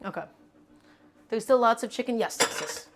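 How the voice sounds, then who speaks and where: A woman livestreams as she cooks, chatting with viewers and playfully grumbling about small annoyances with mock drama for laughs. Her voice is a little high and her speed normal, with a bit of hiss or hum in the audio.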